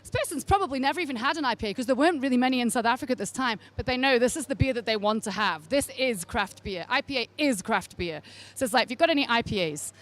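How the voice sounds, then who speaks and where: Talking fast in a slightly high voice, a woman from England leads an informal beer tasting session with a live group. She holds a handheld mic and stays chatty and wry, making asides to the group.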